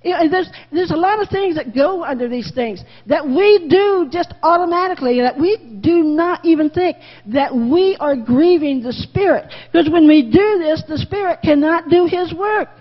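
A woman's voice: very high voice, normal speed, few pauses. A woman teaching a Sunday school lesson in a folksy, candid way, often repeating her phrases. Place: church classroom. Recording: muffled reverberant room recording.

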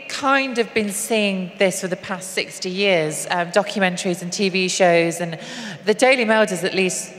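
Woman guest, mid-pitch, earnest and halting, live stage with hall echo and faint hiss. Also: a bit bright. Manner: earnest, halting with frequent restarts. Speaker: activist and guest. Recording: long hall reverb, faint noise.

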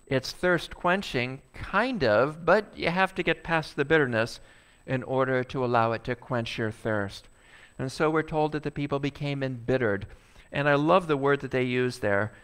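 A male pastor preaching a sermon, animated and acting out a complaining crowd. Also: medium pitch, normal speed, smooth.

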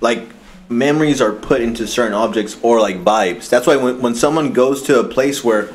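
A man co-hosting a podcast in casual chat, excitable and swearing a lot, full of "like" fillers. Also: mid-range voice, moderate pace, faint music behind. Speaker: podcast co-host.

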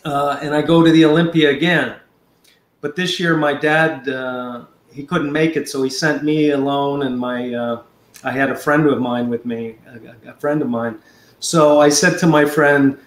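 Man in his 50s, animated anecdote teller, slightly high voice, echoey room. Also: normal speed. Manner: animated, acts out quotes. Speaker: guest. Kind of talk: anecdotal storytelling.

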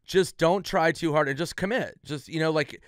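Man from Minnesota, comedian guest, smooth resonant voice, dry close sound, animated storytelling with acted-out quotes. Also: a little high, moderate pace, dry recording. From Minnesota, USA. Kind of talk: casual storytelling chat.

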